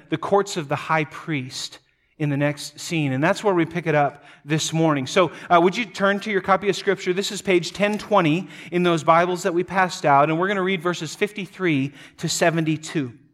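A man's voice: on the high side, a bit bright. A man preaching a sermon as pastor, telling a story earnestly with frequent restarts.

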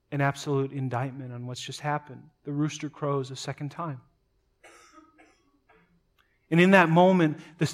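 Guy preaching, kinda high voice, gets loud then goes real quiet, repeats words a lot. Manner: dramatic, swings from loud emphatic passages to quiet low asides. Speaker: pastor. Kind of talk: sermon.

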